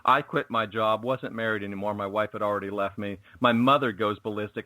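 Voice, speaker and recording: A man's voice: on the low side, a little fast, hardly any pauses, sharp tone, dry recording, low-quality recording. A man speaking as a radio guest, telling stories in a preachy, emphatic way. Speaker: guest, spiritual network host. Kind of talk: casual radio interview.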